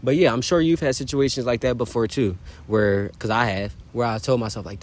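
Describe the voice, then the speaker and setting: A man vlogs in a mid-range voice at a quick pace with few pauses. His casual motivational self-talk is earnest and encouraging, full of loose slang, "bro," "you feel me," and frequent asides to the viewer.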